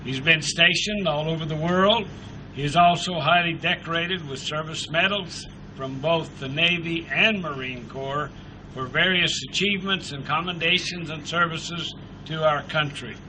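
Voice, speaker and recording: A man with a fairly high voice formally introduces the next speaker as master of ceremonies. The noisy recording sounds like an outdoor PA. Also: moderate pace, sharp tone. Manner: formal announcing.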